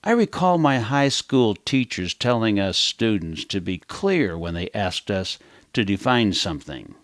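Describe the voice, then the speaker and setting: A man's voice: fairly low pitch, very animated, measured pace, fairly bright tone, dry recording, clean studio sound. A man teaching a lesson for kids in a wry, conversational storytelling way. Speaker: language teacher. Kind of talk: children's lesson narration.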